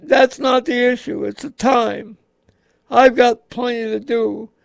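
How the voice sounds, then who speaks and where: A man co-hosting a radio show, talking casually in a slow, halting way with many pauses. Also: very high-pitched, fairly even intonation, creaky, no echo. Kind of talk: casual on-air chat.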